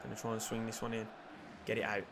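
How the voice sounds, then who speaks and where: A young man commentating his own football video game, excitable, muttering and then shouting, swearing and joking. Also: on the low side, quick pace, vocal fry, background noise. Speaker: gaming YouTuber. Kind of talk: live gameplay commentary.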